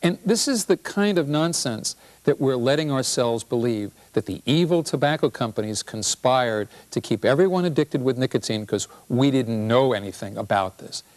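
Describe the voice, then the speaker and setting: A man's voice: medium pitch, lively intonation, moderate pace, few pauses, a little mellow. A middle-aged man, a physician, giving a lecture-style talk on a health show, wry and storytelling, with rhetorical questions.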